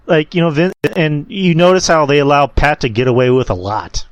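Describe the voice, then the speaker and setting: A man's voice: a little high, moderate pace, dry recording. Host type, casual guy who cusses and tells stories, dry close sound. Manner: profane, storytelling, laughs at own anecdotes. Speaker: podcast host. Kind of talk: casual wrestling chat.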